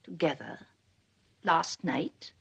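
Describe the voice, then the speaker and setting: A woman's voice: low voice, expressive, slow, gravelly, slightly rough, exaggerated voice. An actress playing a proper, anxious middle-aged mother in a 1930s film, prim and emphatic, lecturing her son's new wife.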